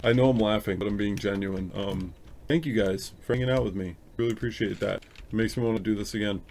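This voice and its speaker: Gravelly low-voiced man chatting on stream. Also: quick pace, a little mellow, slight background noise. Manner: chatty, thinking aloud, self-conscious. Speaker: live stream host editing photos. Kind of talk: casual live-stream chat. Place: room at home with an open window.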